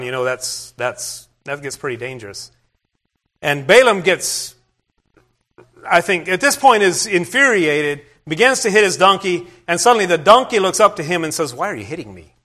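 Plain-spoken male preacher, slightly high voice. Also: pushed and bright. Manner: plain-spoken, conversational storytelling with asides to the congregation. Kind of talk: sermon retelling a scripture story.

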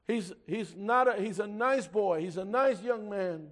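High-pitched guy preaching a fervent sermon, gets loud and drawn out then goes quiet reading scripture. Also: a little slow. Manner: old-fashioned scripture reading.

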